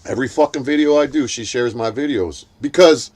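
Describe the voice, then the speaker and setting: In a casual chat, a man with a darkish voice talks a little fast as he tells a heated, swear-filled story. He acts out what other people said, putting their quotes in a shrill voice.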